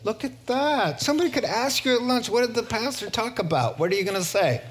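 A male pastor with a very high-pitched voice preaches against background noise. He's an animated storyteller who chuckles often, trading quick asides for slow, weighty phrases.

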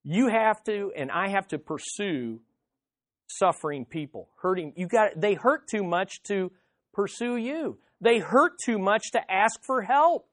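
A man preaching a sermon as pastor, speaking directly to the listeners and emphatically repeating his key phrases, swinging between loud and hushed. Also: high-pitched, expressive, measured pace, dry recording, studio quality.

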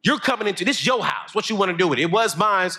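A young man, preaching a motivational sermon, telling stories and building to shouted emphasis. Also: high-pitched, animated, fast talker.

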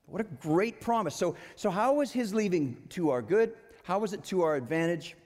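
A male pastor preaching a sermon in a church, conversational and animated, with playful asides. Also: high voice, moderate pace. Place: church sanctuary. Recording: long hall reverb.

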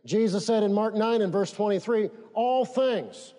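A man's voice: sits high, a little slow, dark tone, long reverb tail. A man preaching a sermon, leading the congregation to repeat phrases after him. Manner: emphatic, leads congregation in call-and-response. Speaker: pastor.

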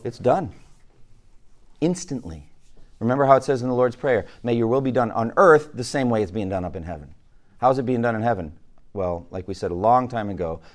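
A male pastor giving a conversational sermon, asking his listeners questions and often restarting his words. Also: fairly low pitch. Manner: conversational teaching, asks the room questions.

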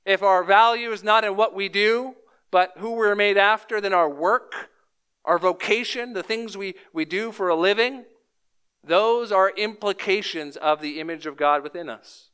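A man in his thirties preaching a sermon as pastor, measured and emphatic, repeating key lines. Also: high voice, fairly bright tone, clear, resonant tone.

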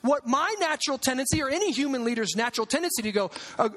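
A man's voice: very high voice, animated, fast talker, hardly any pauses, a bit bright. A man preaching a sermon as pastor, conversational and emphatic, repeating lines for weight. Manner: conversational, emphatic, uses sarcasm and repetition. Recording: long hall reverb.

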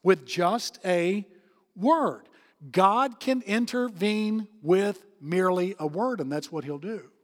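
A man preaching a sermon as pastor, emphatic and repeating key phrases, softening his voice at tender moments. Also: high voice. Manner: emphatic, repeats key phrases, drops to soft tones for comfort. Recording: long reverb of a large hall.

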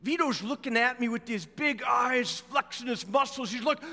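A middle-aged man preaching a sermon as a pastor, telling stories in a relaxed, conversational way with fillers. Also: extremely high pitch, moderate pace. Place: church. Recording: echoey church hall with long reverb.

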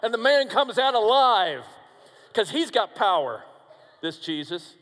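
A man delivers a sermon in a high, unhurried voice, pausing on his lines. He swings from booming declarations to near-hushed pleas and speaks to his listeners as friends. A long reverb trails each phrase, as if in a large hall. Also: big pitch swings. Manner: addresses listeners directly as friends. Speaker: preacher.

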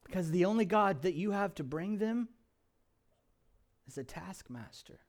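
A pastor preaching a sermon, asking rhetorical questions and swinging between emphatic and hushed delivery. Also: male voice, sits high, lively intonation, measured pace.

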